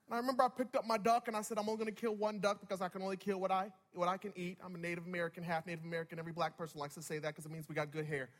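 A young man preaching a sermon, telling a story with animated energy that swings from loud to hushed. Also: high voice, racing, few pauses.

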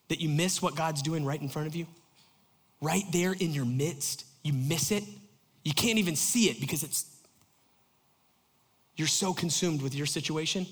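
A man's voice: on the high side, moderate pace. Chatty male pastor in an echoing hall. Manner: animated, chatty storytelling with many fillers. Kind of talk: sermon. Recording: long hall reverb.

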